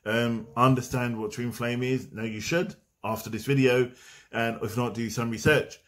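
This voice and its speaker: Brief: man, mid-pitched, loose conversational vlog delivery that wanders off on tangents. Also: steady tone, moderate pace. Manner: meandering, conversational, drifting off on tangents. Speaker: spiritual vlogger. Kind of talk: casual spiritual talk to camera.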